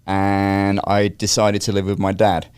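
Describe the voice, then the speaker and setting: A man in his fifties with a London accent chats through his stories as a podcast guest, dropping wry asides as he goes. His voice sits low and comes across smooth and clear. The sound is close and dry. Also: monotone, a little slow, darkish tone, no echo. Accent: London English. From London, England. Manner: chatty anecdotal storyteller, wry asides. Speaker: guest, real estate broker. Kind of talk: casual interview chat.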